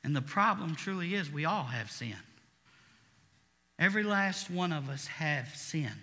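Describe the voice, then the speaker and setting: A male pastor preaching a sermon, swinging from quiet, intimate passages to shouted praise. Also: a little high, animated, a little slow, big-room sound.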